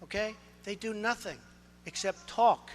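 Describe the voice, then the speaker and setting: A man's voice: sits high, unhurried. A man in his sixties giving a campaign speech in a large hall, boastful and repetitive, punching out short phrases. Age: 60s. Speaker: political candidate. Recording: reverberant hall with faint ambience.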